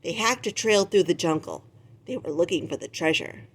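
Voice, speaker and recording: A woman reading a children's picture book aloud with expressive, animated storytelling. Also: on the low side, normal speed, slightly rough. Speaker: storybook reader.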